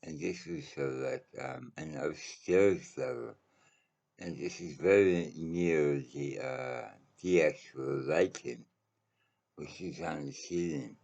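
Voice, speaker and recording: A man hosting his own channel, telling a casual personal anecdote in a halting, rambling way with lots of fillers and the odd swear word. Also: rumbling low, creaky, a little mellow, lo-fi sound.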